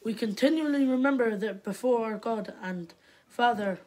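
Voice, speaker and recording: A woman's voice: fairly high pitch, a little mellow, poor audio. A woman in the congregation reading Bible verses aloud, stumbling now and then, and giving short replies. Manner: reads haltingly, brief replies. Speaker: congregation member.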